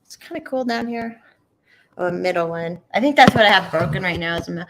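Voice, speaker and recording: A woman's voice: medium pitch, expressive, fast talker, sharp tone. A woman in her thirties, co-hosting a podcast in casual chat, ranting bluntly and swearing freely. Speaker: podcast co-host.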